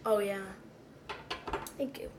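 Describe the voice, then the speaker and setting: A woman's voice: slow pace, very noisy. A young woman co-hosting a podcast in casual chat, giggly, chatty and easily grossed out. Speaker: podcast co-host.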